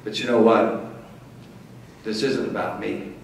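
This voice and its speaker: A man's voice: on the low side, steady tone, unhurried, creaky. Folksy man in an echoey hall. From Missouri. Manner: folksy, warm storytelling with playful crowd asides. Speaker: motivational speaker. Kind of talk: acceptance speech. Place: large banquet hall. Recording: echoey hall, distant mic, faint hiss.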